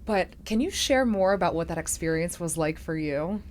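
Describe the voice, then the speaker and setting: A woman hosting an intimate interview podcast, talking in a reflective, soft-spoken way that turns emotional at times. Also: lowish voice, animated, moderate pace. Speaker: podcast host.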